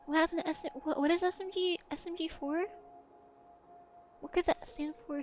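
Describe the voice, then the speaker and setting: A woman streamer in casual livestream chat, playful and chatty as she answers her chat, often dropping to a soft, quiet voice. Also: very high-pitched, steady tone, moderate pace, a little hiss or hum.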